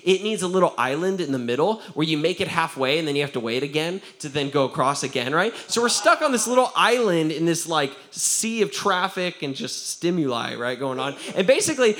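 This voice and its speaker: A male pastor tells a story from the pulpit with lively, animated delivery. His pitch swings widely and sits a little high, and he laughs often and keeps breaking off to restart his sentences. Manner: animated, laughing, self-interrupting. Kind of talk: sermon storytelling.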